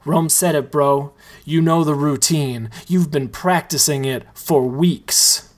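A man's voice: on the high side, slow pace. A reader voicing Andre, a laid-back male dancer with an easygoing manner.

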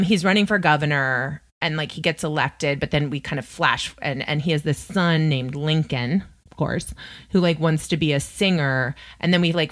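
Low-voiced chatty woman podcaster. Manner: chatty, wry, lots of fillers and asides. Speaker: podcast host giving recommendations. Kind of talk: casual chat.

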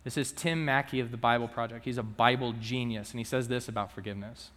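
A man delivering a sermon as a student minister, talking to the congregation in a relaxed, conversational way and often checking in with a quick aside. His voice sits at an ordinary middle pitch. It rings out with the long reverb of a church hall. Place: church sanctuary.

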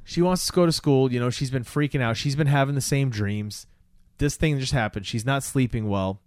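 A man's voice: mid-range voice, normal speed, smooth, no echo, clean studio sound. A man co-hosting a podcast, casually retelling a film scene by scene, often asking "right?". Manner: animated retelling, acts out quotes, says "right?" and "dude". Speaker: podcast co-host.

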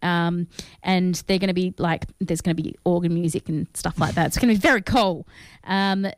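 Woman, co-host, smooth clear voice, dry close sound, giggly and rambling. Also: on the low side, steady tone, moderate pace, no room sound. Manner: giggly, rambling, self-mocking. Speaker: co-host of a film review show. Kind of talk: casual radio chat.

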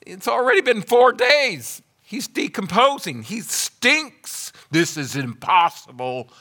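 A high, shrill grieving woman, as a male preacher puts her on during a sermon. Her voice jumps well above his own and comes out louder and sharper. She sounds exasperated and sure that nothing can be done. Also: big pitch swings, slow, heavily acted.

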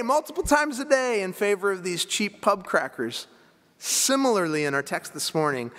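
A fairly high-voiced man preaches to his congregation, his sermon unfolding like a told story with easygoing "you know" asides. His voice rings through a church sanctuary with a long, lingering reverb. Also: a bit bright. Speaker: pastor.

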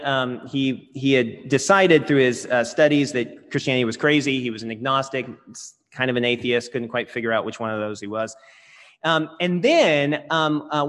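A man's voice: medium pitch, a bit bright. A man preaching a sermon as pastor, earnest and building to emphatic peaks. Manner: earnest, swelling with emphasis on key phrases. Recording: long reverb of a large hall.

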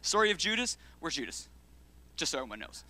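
A young man preaching a sermon as pastor, energetic and joking, calling out to his congregation for responses. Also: on the high side, fast, no echo. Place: church sanctuary.

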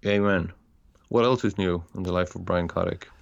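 A man from Sweden co-hosting a casual podcast, relaxed and easygoing. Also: sits low, normal speed, vocal fry, dry recording, lo-fi sound. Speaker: podcast co-host.

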